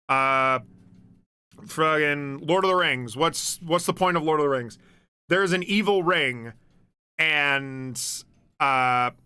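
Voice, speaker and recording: Young guy streamer, bright sharp voice, rambly, laughs and swears a lot, dry close sound. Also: fairly high pitch, smooth, dry recording. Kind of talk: casual chat. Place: home streaming setup.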